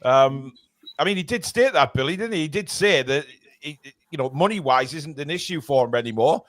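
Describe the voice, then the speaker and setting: A man's voice: fairly high pitch, lively intonation, fairly quick, a bit bright, dry recording. Chatty laughing male podcast host. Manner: laughing, rambling, reads out viewer comments. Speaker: host of a fan forum show. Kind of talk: casual podcast chat.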